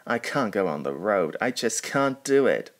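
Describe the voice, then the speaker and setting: A man's voice: lowish voice, very animated, normal speed. A man reading aloud, voicing a brave but nervous male fire engine in a storybook, in an earnest, plain way.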